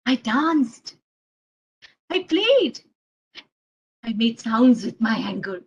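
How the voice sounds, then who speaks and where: A woman's voice: fairly high pitch, big pitch swings, drawn-out words, husky, dull audio, pitched below the performer's own voice, heavily acted. A woman playing a young girl in a storybook tale, speaking in a plaintive, childlike way. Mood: apologetic. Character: young girl, sulky then sorry.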